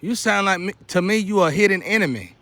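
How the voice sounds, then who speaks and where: Man, high-pitched, talking straight to camera outdoors. Preachy, repetitive delivery that keeps building to an urgent outcry. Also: fast talker, a bit bright, no room sound. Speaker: vlogger. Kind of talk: impassioned monologue to camera. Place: outdoors near a porch.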